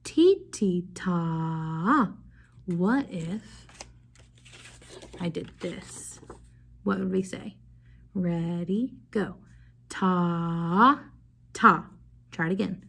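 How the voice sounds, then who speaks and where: A young woman music teacher giving a video lesson to young children, slow and encouraging, prompting them to repeat after her. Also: lowish voice, animated, gravelly, mellow, husky.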